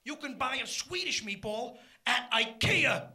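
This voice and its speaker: A middle-aged man doing a live stand-up routine, punchy and loud, shouting his punchlines. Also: extremely high pitch, animated, moderate pace, gravelly. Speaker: stand-up comedian.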